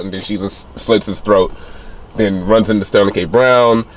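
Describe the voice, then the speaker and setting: Man, film reviewer, casual rambling recap, lots of fillers, lowish voice. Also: brisk. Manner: rambling retelling with many fillers, acting out quotes in a higher voice.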